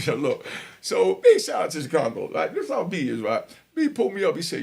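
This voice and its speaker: A middle-aged man with a New York accent tells prison stories in a loose, rambling monologue full of fillers. His voice is gravelly and sits a bit high for a man. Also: fairly quick. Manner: animated, rambling, full of "you know what I mean". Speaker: host telling prison stories. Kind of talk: casual storytelling monologue.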